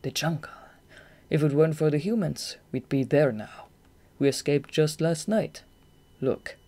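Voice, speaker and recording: A reader voicing a giant, calm and menacing male jungle bat in a fan audiobook, with a measured, breathy delivery. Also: medium pitch, lightly acted. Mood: coolly explaining. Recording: home-recorded audiobook.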